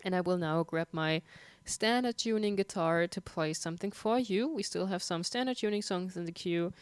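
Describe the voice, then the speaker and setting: A woman's voice: fairly low pitch, moderate pace, smooth, no room sound. A young woman with a German accent, a sick livestream host casually answering viewer questions with frequent laughs and ums. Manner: chatty, laughs often, many ums.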